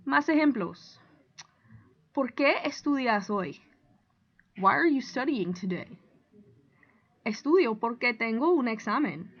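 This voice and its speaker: A woman's voice: a little high, animated. Woman teacher explaining, slightly lo-fi. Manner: clear, deliberate explaining with example sentences read aloud. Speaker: Spanish teacher. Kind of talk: recorded classroom lesson.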